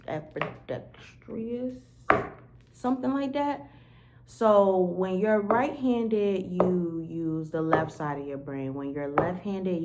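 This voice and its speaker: A woman's voice: lowish voice, heavy background noise. A woman talking to the camera in a candid, rambling diary-style monologue, full of "like" fillers and casual swearing. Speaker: vlogger.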